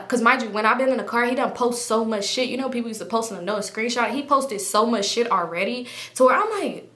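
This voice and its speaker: Young woman, 20s, storytime vlogger, profane, animated, high-ish voice, bright. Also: quick pace, few pauses, roomy sound. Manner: animated, profane, laughing often. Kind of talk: casual storytelling.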